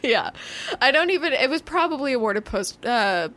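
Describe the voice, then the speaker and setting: A woman co-hosting a casual podcast chat, her voice swinging up and down with a lot of life. She tells the story with quick asides and laughs often along the way. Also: high voice, lively intonation, a bit bright. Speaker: podcast co-host.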